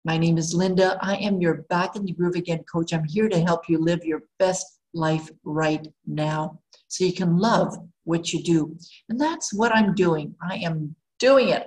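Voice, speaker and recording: Upbeat woman life coach, slightly low voice. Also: measured pace, darkish tone, rough recording. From Canada. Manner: upbeat, encouraging, talks straight to the viewer. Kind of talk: casual motivational vlog.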